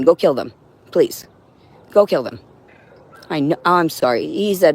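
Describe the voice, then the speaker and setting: A woman's voice: lowish voice, expressive, moderate pace, long pauses. A woman on a livestream in an agitated, profane, rambling monologue, now and then talking to her cat.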